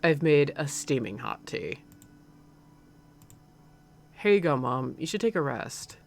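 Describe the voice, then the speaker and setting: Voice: mid-range voice, sing-song, takes it slowly, vocal fry, exaggerated voice. A streamer reading a sheepish young son. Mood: gentle. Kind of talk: reading game dialogue aloud.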